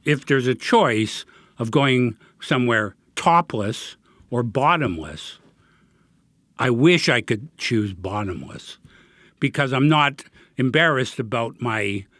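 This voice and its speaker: A man's voice: medium pitch, expressive, slow pace, fairly bright tone, no echo, studio quality. A man hosting a podcast, asking wry, probing questions in casual chat. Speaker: podcast host.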